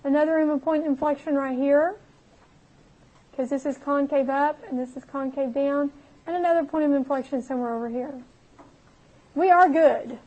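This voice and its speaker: A woman's voice: sits high, darkish tone. A woman teaching a recorded math lesson, chatting through her calculator steps and laughing at her own mishaps.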